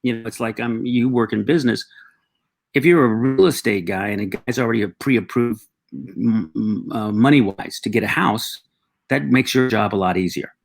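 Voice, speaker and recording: Middle-aged male guest, reflective storyteller, husky and gravelly delivery. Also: mid-range voice. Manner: reflective, halting, with frequent restarts and acted quotes.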